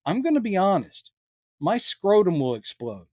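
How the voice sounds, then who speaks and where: A man co-hosting a casual podcast chat, animated and jokey, slipping into silly voices when quoting people. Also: sits high, moderate pace, no room sound, studio quality. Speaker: podcast co-host.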